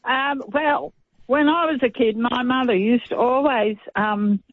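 A woman's voice: fairly high pitch, unhurried, no room sound. A woman calling in to a radio show, chatty and grateful. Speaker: caller. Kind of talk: phone-in call. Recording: dry tinny phone line.

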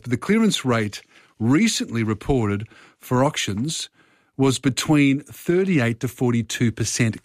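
A man's voice: mid-range voice, dry recording, clean studio sound. A man hosting a radio show, easygoing and chatty with lots of fillers. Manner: easygoing, friendly banter with many fillers. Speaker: radio host. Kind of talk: casual radio talk. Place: radio studio. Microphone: studio mic.

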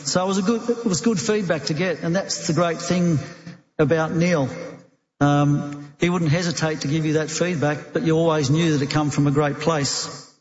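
A man's voice: fairly high pitch, fairly even intonation, moderate pace. A middle-aged Australian man, a football coach, giving a tribute speech and telling anecdotes with frequent ums. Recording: echoey hall, dull sound.

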